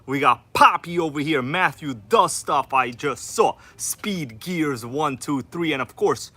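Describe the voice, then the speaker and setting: A man's voice: on the high side, a little slow, hardly any pauses, pushed and bright. A man with a New York accent hosting a casual livestream, greeting viewers by name in an exaggerated, hyped announcer style. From Queens, New York. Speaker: RC livestream host. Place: indoor room with air conditioner running.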